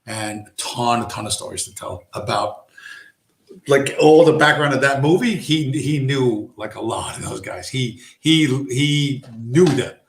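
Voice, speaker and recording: A man's voice: medium pitch, a little slow, roomy sound. A man hosting a casual live stream, rambling through stories, swearing and acting out quoted lines. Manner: rambling storyteller, acts out quoted tough-guy lines, swears.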